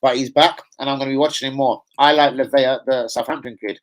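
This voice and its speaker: A man's voice: medium pitch, steady tone, quick pace, few pauses, low-quality recording. A young man hosting a football fan stream, chatting casually, rambling and swearing with plenty of slang. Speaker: football fan channel host. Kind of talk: casual live-stream reaction chat.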